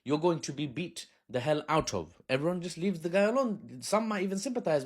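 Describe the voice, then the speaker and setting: A man's voice: a little high, lively intonation, a little fast, few pauses. A man giving casual political commentary in a sarcastic, mocking way, with chatty slang.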